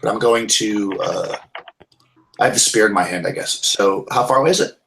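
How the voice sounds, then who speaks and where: A man's voice: on the low side, moderate pace, vocal fry, a bit bright, slight background noise. A man playing in a tabletop game, talking casually and hesitantly. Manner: hesitant, many restarts. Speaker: player.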